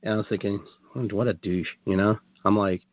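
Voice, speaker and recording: Low-ish voiced guy rambling thru his story, tinny phone sound, dry. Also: fairly even intonation, moderate pace, no echo. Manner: rambling, many restarts and quoted asides. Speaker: guest. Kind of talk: casual storytelling on a radio talk show.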